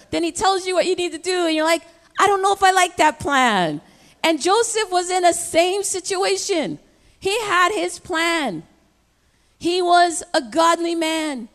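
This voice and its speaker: A woman pastor preaches with a high, lively voice. She talks straight to her congregation and stays emphatic throughout. Her words carry a long hall reverb from a large church. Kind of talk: sermon.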